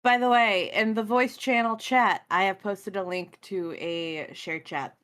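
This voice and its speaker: A woman's voice: mid-range voice, steady tone, measured pace, fairly bright tone. A woman playing a tabletop game who chats in an upbeat way with the group. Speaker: player. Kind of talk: casual tabletop game chat.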